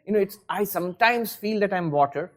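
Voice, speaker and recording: A spiritual teacher, a man, explains scripture in an easygoing lecture. His voice sits fairly high, and he talks with wry self-mockery and a stream of rhetorical questions. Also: fairly quick.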